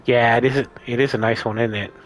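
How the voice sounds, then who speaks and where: A man's voice: mid-range voice, fairly even intonation, fast talker, soft background music. A man hosting a casual let's play, rambling and explaining his choices as he thinks aloud. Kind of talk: casual gameplay commentary.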